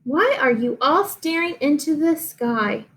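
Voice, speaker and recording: A woman's voice: high voice, lively intonation, measured pace, a bit bright, pitched above the performer's own voice, exaggerated voice. A woman voicing a plodding, whiny male horse who snorts as he talks. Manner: whining and snorting.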